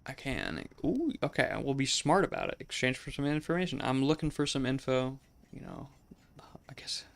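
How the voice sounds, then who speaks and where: A man's voice: medium pitch, big pitch swings, moderate pace, creaky. A man hosting a let's play, giving casual gameplay commentary in a chatty, musing way, often saying "like" and laughing.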